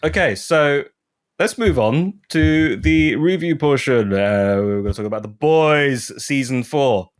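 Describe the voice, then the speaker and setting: A man's voice: mid-range voice, expressive, unhurried. A man co-hosting a casual podcast chat, laughing often and trailing off mid-sentence. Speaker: podcast co-host.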